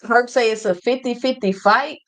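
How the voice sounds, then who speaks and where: A man's voice: very high voice, normal speed, a bit bright. A man hosting a boxing livestream, talking casually and slangily straight to his chat and reading out viewer comments.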